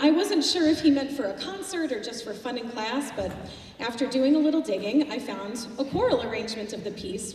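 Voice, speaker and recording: A woman who directs a high school choir, chatting to a concert audience between pieces with anecdotes about her students. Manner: chatty, warm-hearted, anecdotal. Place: school auditorium. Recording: distant, echoey hall with faint noise.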